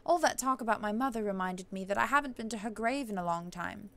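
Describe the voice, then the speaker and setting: Woman reading as a quiet, thoughtful young heroine. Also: medium pitch, normal speed, lightly acted. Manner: quiet, soft, somewhat posh inner-monologue reading. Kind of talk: let's play voice reading.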